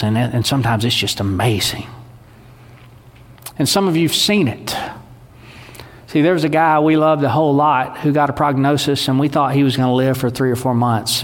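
A man's voice: mid-range voice, a little hiss or hum. A man, preaching a sermon in a conversational, folksy way. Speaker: pastor. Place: church sanctuary. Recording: long hall reverb.

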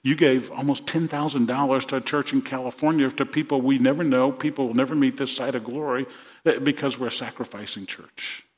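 A man's voice: mid-range voice, steady tone, a little fast. A male pastor preaching a sermon to his congregation in earnest, repeating words as he builds to rousing emphasis.

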